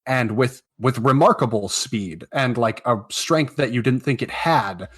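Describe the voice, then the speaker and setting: A man's voice: mid-range voice, unhurried, husky. A man running a tabletop game as game master, narrating loosely with many fillers.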